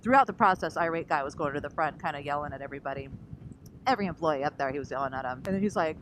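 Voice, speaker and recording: A woman with a fairly low voice tells an animated travel story in a casual vlog. She slips into other people's voices as she goes. Clear vehicle noise runs behind her. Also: very fast. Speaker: vlogger. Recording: noisy recording with vehicle sounds.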